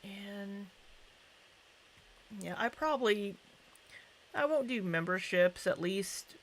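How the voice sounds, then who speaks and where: A woman's voice: medium pitch, animated, slow, a little hiss or hum. A young woman hosting a casual livestream, chatting and greeting viewers by name. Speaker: livestream host.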